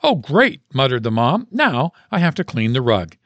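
A man's voice: mid-range voice, big pitch swings, normal speed, a bit bright, no room sound, dull audio. Man reading an exasperated, tired mother, muttering, close and dry. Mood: weary. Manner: exasperated, muttering storybook delivery. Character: weary, frazzled mother, tired but loving.

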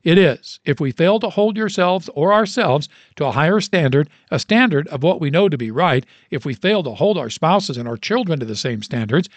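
A man voicing a fiery old male baseball coach who lectures a crowd of coaches in an emphatic, preacher-like way. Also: no echo. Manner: booming, emphatic, preacher-like delivery.

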